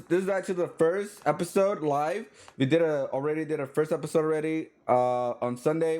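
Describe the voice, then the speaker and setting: Medium in pitch with a darkish tone, this male podcast host conducts a casual, live-streamed interview with an artist. His talk wanders, packed with fillers and false starts.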